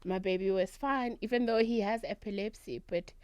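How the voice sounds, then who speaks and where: A South African woman, a guest and traditional healer, telling her story in an animated, emphatic way in a studio interview. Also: mid-range voice, normal speed, clear, resonant tone, no room sound. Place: radio studio.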